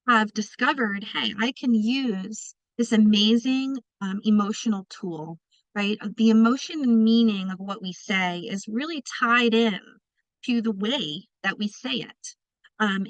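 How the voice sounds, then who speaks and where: A woman's voice: mid-range voice, dry recording, highs cut off. A woman presenting an online training session, speaking conversationally and addressing participants directly. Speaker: presenter of a teacher training webinar.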